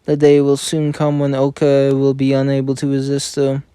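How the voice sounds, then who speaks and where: A man reading game story dialogue aloud in a plain, even manner, often stumbling over words and correcting himself. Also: mid-range voice, moderate pace, clear, resonant tone, no echo, clean studio sound. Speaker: reader of game story scenes.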